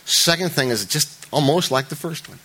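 A man preaching a sermon to a church congregation. He talks conversationally, jokes with the listeners and restarts often, and he rises loud and high for emphasis. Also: expressive, normal speed, husky. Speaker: pastor.

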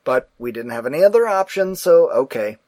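Profane, animated man telling a story. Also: medium pitch, brisk, dry recording. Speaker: podcast host. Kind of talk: casual storytelling chat.

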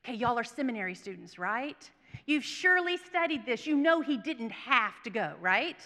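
Woman preacher, high bright voice, storytelling sermon with hushed lows and emphatic highs, echoing chapel. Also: big pitch swings, moderate pace. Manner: storytelling, swinging between hushed whispers and emphatic bursts. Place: seminary chapel. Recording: long reverb of a chapel.

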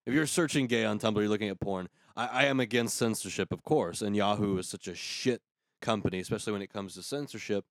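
A man's voice: fairly low pitch, quick pace, no echo, studio quality. Sarcastic young man ranting on a podcast. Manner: opinionated, sarcastic, talks over co-host. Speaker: podcast host. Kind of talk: casual ranting chat.

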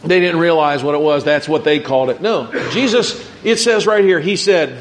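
A man's voice: fairly high pitch, normal speed, hardly any pauses. A man pastor preaching a conversational sermon to his church, reading scripture aloud and talking through it with frequent restarts.

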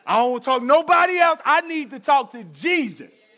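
A man's voice: extremely high pitch, sing-song, bright, forceful tone, some chatter behind, pitched above the performer's own voice, exaggerated voice. Casting: a man playing Job, fed up and done with people, rattling off slang. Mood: exasperated. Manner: fast, street-slang complaining.

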